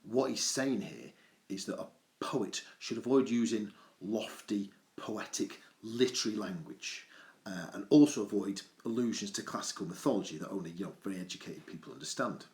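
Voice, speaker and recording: A man's voice: fairly low pitch, normal speed, darkish tone. A male English teacher with an adenoidal voice, talking through a poetry analysis with playful, jokey asides.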